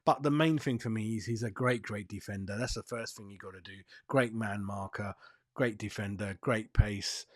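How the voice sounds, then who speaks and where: A man's voice: on the low side, normal speed. A man hosting a football fan channel, giving a blunt, profane and fired-up rant on transfer news. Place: seated, in a dry room.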